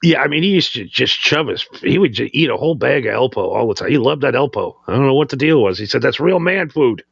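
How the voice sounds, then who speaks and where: A man's voice: medium pitch, lively intonation, fast talker, creaky, husky, dry recording, muffled recording. A man co-hosting a casual podcast, trading jokes and banter. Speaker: podcast co-host. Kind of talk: casual stoner chat.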